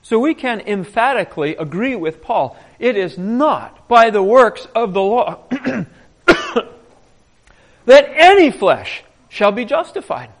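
High-voiced man teaching the Bible. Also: slow pace. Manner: often clears his throat; animated storytelling. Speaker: preacher.

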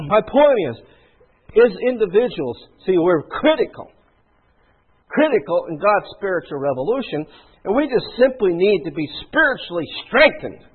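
A man preaching a sermon in a conversational, rhetorical way, often clearing his throat. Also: high-pitched. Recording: tinny phone-like sound.

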